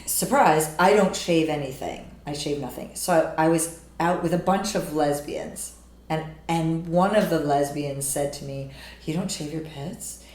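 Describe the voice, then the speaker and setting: A woman tells frank, wry stories in a casual chat. Her voice is slightly low for a woman. The room gives it a noticeable echo. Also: measured pace, darkish tone. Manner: blunt, wry storyteller. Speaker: podcast co-host. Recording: echoey room.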